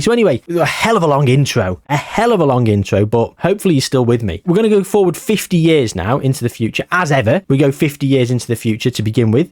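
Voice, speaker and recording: A man's voice: on the high side, no echo, clean studio sound. Chatty man in his thirties. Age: 30s. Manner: chatty, self-deprecating, swears lightly. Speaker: gaming YouTuber. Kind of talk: casual commentary over a football management game.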